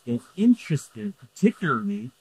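A man's voice: a little high, big pitch swings, moderate pace, slightly rough, dry recording, poor audio. A man preaching a sermon who restates his points and keeps asking the congregation "right?". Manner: repeats points, asks the room "right?". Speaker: pastor.

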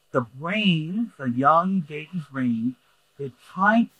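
A man's voice: a little high, lively intonation, measured pace, a bit bright, husky, no room sound, rough recording. A man preaching a sermon who restates his points and keeps asking the congregation "right?". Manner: repeats points, asks the room "right?". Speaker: pastor.

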